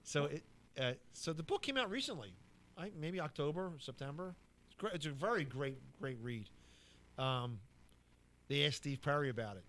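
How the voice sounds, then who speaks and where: A man's voice: fairly high pitch, normal speed. A man co-hosting a podcast, casually telling a story and acting out what each person said. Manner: animated anecdote teller who acts out quotes. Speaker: podcast co-host.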